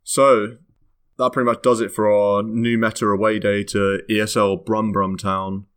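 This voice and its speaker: A man's voice: lowish voice, flat delivery, moderate pace, fairly bright tone, smooth. A British man hosting a casual podcast chat, rambling and correcting himself as he goes. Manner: rambling, self-correcting, laughs often. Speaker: podcast host.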